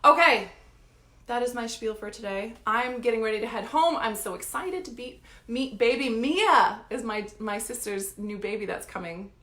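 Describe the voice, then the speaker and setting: A woman's voice: fairly high pitch, normal speed, fairly bright tone, roomy sound. A woman coach giving an emphatic, blunt motivational talk straight to her viewers. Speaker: life coach.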